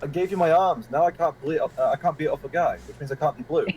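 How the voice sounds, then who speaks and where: A man joins a stream over voice chat. He cracks jokes and swears casually. His voice sits slightly high, with soft hiss behind. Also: fast, highs cut off. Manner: joking, sweary. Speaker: guest on voice chat.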